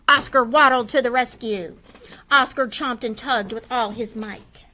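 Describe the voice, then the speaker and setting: A woman's voice: on the high side, unhurried, pushed and bright, low-quality recording. A woman reading a children's picture book aloud expressively, asking her listeners questions. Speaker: storyteller.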